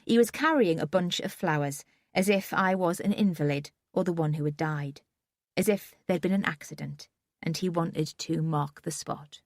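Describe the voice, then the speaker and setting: A woman's voice: on the low side, normal speed, darkish tone, no echo, studio quality. A woman reading a first-person audiobook in a subdued, wry manner. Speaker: audiobook narrator.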